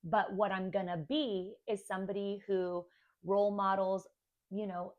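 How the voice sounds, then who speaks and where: A woman's voice: medium pitch, steady tone, a little slow, narrow, tinny audio. A young woman telling a candid, chatty personal story to camera about becoming a stepmom. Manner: candid, chatty, acts out kids' voices. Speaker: stepmom vlogger.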